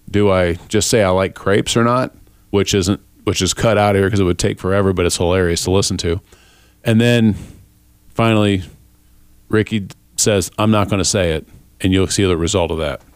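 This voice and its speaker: Man, podcast host, casual faith talk, low voice, dry recording, relaxed and rambling. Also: normal speed, smooth, no room sound. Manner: relaxed, rambling, self-deprecating.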